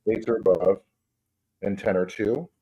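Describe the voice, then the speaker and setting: A man playing a tabletop game, describing his hero's actions in a rambling, animated way. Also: fairly low pitch, a little slow, slightly rough, muffled recording. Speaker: player. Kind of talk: casual tabletop game play.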